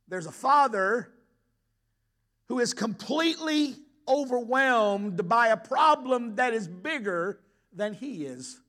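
A man's voice: high voice, fairly bright tone. A middle-aged man, a pastor, preaching a sermon in a church, asking the congregation questions and pleading with rising intensity. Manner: impassioned, voicing the father's plea with rising intensity. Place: church sanctuary.

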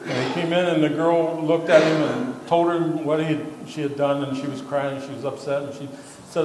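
A man's voice: a little high, steady tone, noisy background. Man preaching in an echoey hall. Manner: halting, repeats words, many fillers. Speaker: pastor. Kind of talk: conversational sermon storytelling. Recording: echoey hall with faint ambience.

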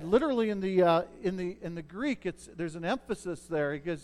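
High-voiced man preaching conversationally. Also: expressive, fairly quick, hardly any pauses, darkish tone. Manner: conversational preaching, checks in with listeners. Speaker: pastor. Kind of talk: sermon.

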